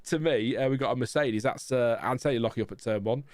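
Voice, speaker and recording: A man's voice: medium pitch, fast, a little mellow, no echo. A man hosting a live watchalong, chatting casually and laughing often. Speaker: livestream host.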